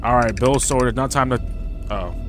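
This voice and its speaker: A young man commentating a horror game he is playing, loud, profane and joking as he talks back at it. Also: medium pitch, moderate pace. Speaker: gaming streamer. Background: game music.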